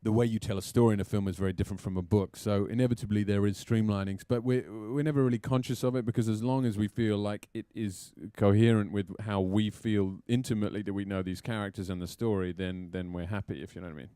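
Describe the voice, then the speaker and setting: A man, an actor guest, talking in a halting way with many restarts and a dry sense of humor. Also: lowish voice, fairly even intonation, dark tone, smooth, no echo. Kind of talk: casual interview chat.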